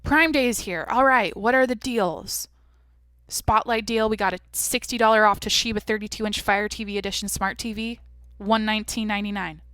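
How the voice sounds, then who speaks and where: Young woman, solo podcast host, blunt and foul-mouthed, tense bright voice, no room sound. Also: medium pitch, fairly even intonation, moderate pace, dry recording, clean studio sound. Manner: brash, profane, blunt. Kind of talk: casual solo podcast chat.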